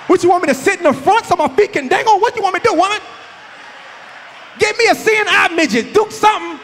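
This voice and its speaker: A man's voice: very high voice, animated, very fast, slight background noise, pitched above the performer's own voice. A man doing a cranky seventy-year-old dad. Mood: indignant. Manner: bickering, loud, indignant. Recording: echoey hall.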